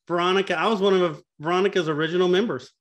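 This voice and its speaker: A man's voice: high voice, fairly even intonation, racing, fairly bright tone. A middle-aged man speaking earnestly and openly about his feelings as a panelist in a candid video-call panel conversation. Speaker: patient advocate panelist.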